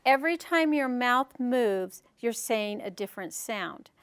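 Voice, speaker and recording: Lady with a high voice running a workshop for parents, sing-songy when she reads rhymes. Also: a little slow, crowd noise. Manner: sing-song, animated reading with playful voices. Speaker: workshop presenter. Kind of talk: teaching workshop with rhyme reading.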